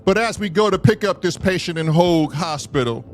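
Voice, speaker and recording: A man from Southern California telling a long story on a live show, animated and profane, acting out the dialogue. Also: high voice, normal speed, faint music behind.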